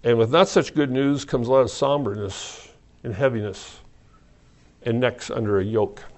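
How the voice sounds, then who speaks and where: A middle-aged man preaching an evening Bible study, talking in a halting, conversational way with restarts and soft laughs. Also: mid-range voice. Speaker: pastor.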